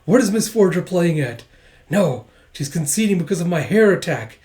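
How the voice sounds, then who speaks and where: A man putting on a swooning scheming little girl, giddy, high, lively. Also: normal speed.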